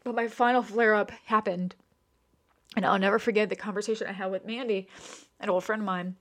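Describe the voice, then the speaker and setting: A woman's voice: mid-range voice, steady tone, brisk. A young woman speaking candidly and emotionally to listeners, swearing often and restarting her sentences as she tells a personal story. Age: young adult.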